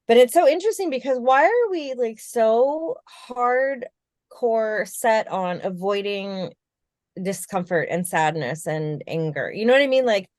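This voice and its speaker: A woman's voice: a little high, expressive, measured pace, a little mellow, no room sound, studio quality. A woman co-hosting a podcast, talking candidly and reflectively, swearing casually and laughing often. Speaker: podcast co-host.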